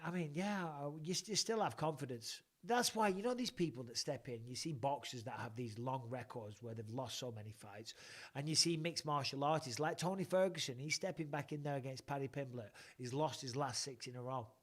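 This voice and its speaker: A man's voice: mid-range voice, brisk. A man hosting a casual chat, a retired fighter talking bluntly and swearing freely, often restarting his sentences.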